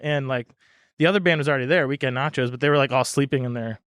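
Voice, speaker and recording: A man hosting a podcast, telling a long story in a relaxed chat and acting out the other people's lines. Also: medium pitch, quick pace, no echo, clean studio sound. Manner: animated storyteller, acts out quoted voices. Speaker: podcast host.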